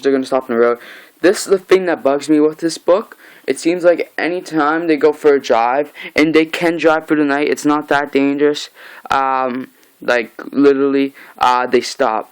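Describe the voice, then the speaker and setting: A man's voice: medium pitch, clear, resonant tone, poor audio. A man giving a casual comic book recap, reading the dialogue aloud in an offhand way, with frequent "uh"s and "like"s. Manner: reads the dialogue aloud in a flat, offhand way, with many "uh"s and "like"s.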